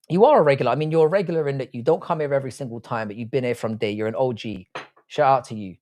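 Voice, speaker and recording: A man's voice: medium pitch, racing, a little mellow. A young man hosting a casual live stream, teasing his chat and swearing freely. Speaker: livestream host reading chat.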